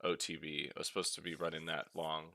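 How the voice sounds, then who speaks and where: Low, gravelly laid-back man. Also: little pitch movement, fast talker, bright, forceful tone, dry recording, clean studio sound. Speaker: co-host. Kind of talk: casual livestream chat.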